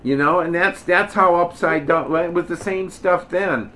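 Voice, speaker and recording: A man's voice: high voice, unhurried, hardly any pauses, bright, forceful tone, slight background noise. A man leading an informal Bible study, talking bluntly and folksy, mockingly acting out the Pharisees.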